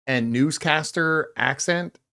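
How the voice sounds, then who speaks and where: A man's voice: a little high, slow pace, bright, forceful tone. A middle-aged man from California co-hosting a casual live podcast, rambling and debating with mock voices. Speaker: podcast co-host.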